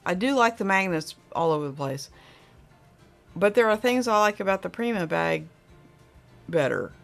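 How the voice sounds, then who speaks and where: A woman's voice: fairly low pitch, lively intonation, normal speed, creaky, fairly bright tone, soft background music. A middle-aged woman, hosting a casual livestream chat and reading viewer comments aloud in a rambling, friendly way. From Oklahoma.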